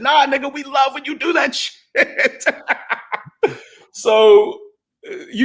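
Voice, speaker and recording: A middle-aged man telling stories in a casual chat, animated and acting out both sides of past arguments. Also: fairly high pitch. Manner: animated, retells arguments in quoted voices. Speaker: podcast guest. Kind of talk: casual storytelling.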